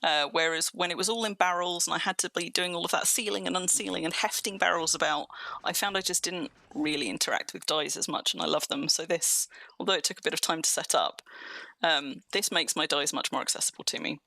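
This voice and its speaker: A woman's voice: fairly low pitch, fairly quick, creaky, pushed and bright. A young adult woman streaming a game, rambling cheerfully through a tour and answering her viewers' chat as she goes.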